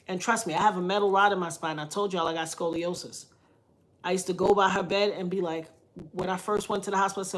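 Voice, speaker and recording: A woman hosting a livestream, telling a story in a preachy, animated way that swings from loud emphasis to soft asides. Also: on the low side, fast talker. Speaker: livestream host reading viewer comments. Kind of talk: casual storytelling monologue.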